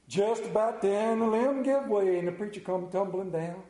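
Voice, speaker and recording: A man delivers a folksy, earnest sermon, speaking of his own faith and reading scripture aloud. His voice sits high, with a mellow, dark tone. The sound is echoey, as if in a large room. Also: moderate pace, hardly any pauses. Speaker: preacher.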